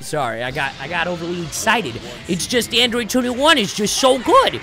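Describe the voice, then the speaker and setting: Young man, gaming commentary, high bright voice, gravelly edges, yelling and trash-talking. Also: lively intonation, normal speed, faint music behind. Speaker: gaming YouTuber playing a fighting game. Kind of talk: excited gameplay commentary.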